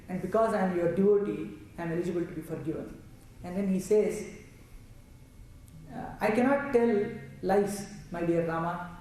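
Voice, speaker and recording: A Telugu-man leads a scripture discourse, explaining the text and reciting Sanskrit verses. His voice is fairly high and mellow. The mic is far away in a heavily echoing room with faint ambience. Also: slight background noise. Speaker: religious storyteller.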